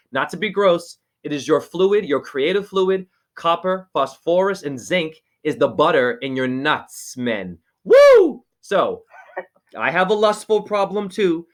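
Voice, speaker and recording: A man giving a spiritual reading over a video call, preachy and rambling, with sudden high exclamations. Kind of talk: excited casual video-call chat.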